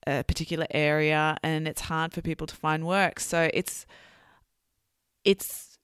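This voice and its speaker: Low-voiced woman, podcast host. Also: level tone, a little slow, smooth, no room sound, clean studio sound. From Australia. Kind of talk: podcast conversation.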